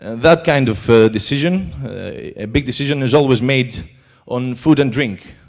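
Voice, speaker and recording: Greek-accented male conference speaker, halting delivery. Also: medium pitch. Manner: hesitant, many fillers. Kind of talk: conference talk. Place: conference hall.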